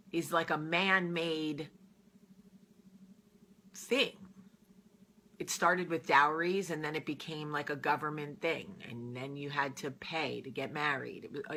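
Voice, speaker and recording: A woman's voice: sits low, sharp tone, slight background noise. A woman from New Jersey hosting her own show, talking to camera in an earnest, heartfelt, conversational way as she gives advice. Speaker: host. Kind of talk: casual chat to camera.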